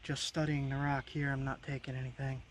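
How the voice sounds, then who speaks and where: A man from Long Island vlogs in the woods beside a creek, talking to the camera as he checks rocks. His voice sits at an ordinary middle pitch, and a steady outdoor ambience hangs around him. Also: brisk, a little hiss or hum. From Long Island, New York. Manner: chatty, talks to camera while searching rocks. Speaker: bushcraft vlogger. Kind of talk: casual outdoor vlogging.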